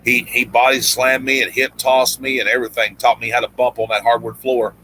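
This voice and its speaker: Casting: man, bright and forward voice, casual rambling storyteller who voices the people in his tales. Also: mid-range voice, level tone, a little fast, slight background noise, rough recording. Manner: rambling, many restarts, acts out quoted lines. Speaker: guest storyteller, former pro wrestler.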